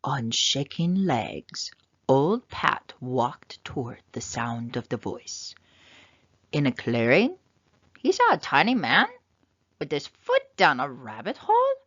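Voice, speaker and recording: A woman reading a children's picture book aloud with expressive, dramatic narration. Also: a bass voice, slow, dry recording. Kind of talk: storybook read-aloud narration. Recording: slightly dull, dry lo-fi sound.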